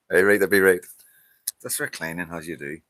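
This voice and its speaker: Tired Northern Irish man, low and chatty. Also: fairly even intonation, normal speed, sharp tone, no room sound. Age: 50s. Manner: chatty, swears, laughs often, reads out names. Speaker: livestream host. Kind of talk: casual live-stream chat greeting viewers.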